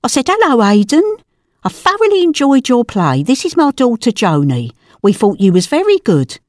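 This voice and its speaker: A woman's voice: on the high side, sing-song, moderate pace, darkish tone, dry recording, studio quality. A woman playing a nosy, celebrity-obsessed older mum, talking in a brassy, defensive way in a scripted comedy sketch. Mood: proud. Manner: brassy, defensive, casual slang. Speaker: comedy podcast character.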